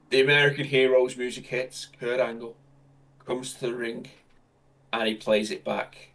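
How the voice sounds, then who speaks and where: Guy hosting a wrestling podcast, making up a storyline on the fly, mid pitch. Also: moderate pace. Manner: animated, improvising. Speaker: podcast host. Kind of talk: fantasy-booking storytelling.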